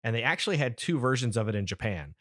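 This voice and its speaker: A man's voice: medium pitch, expressive, fast, fairly bright tone, no room sound, studio quality. A man in his thirties hosting a podcast, chatting casually and rambling with lots of restarts and fillers. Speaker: podcast host. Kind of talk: casual nerdy chat.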